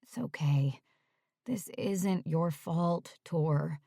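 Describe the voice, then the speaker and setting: A woman's voice: unhurried, a little mellow, no room sound, clean studio sound. Woman voicing a hungover, mumbling young actress. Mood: soothing. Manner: low, mumbling.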